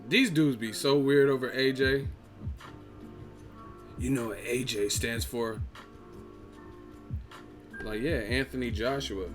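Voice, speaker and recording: A man hosting a boxing live stream, reading chat comments and mocking them in a casual, profane, animated way. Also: mid-range voice, unhurried, pauses often, music in the background.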